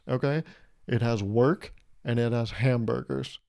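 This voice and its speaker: A man's voice: mid-range voice, fairly even intonation, a little slow, vocal fry, a little mellow. A young man hosting his own podcast, rambling through a solo comedic monologue in a sarcastic, mock-serious way and laughing at his own jokes. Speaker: podcast host.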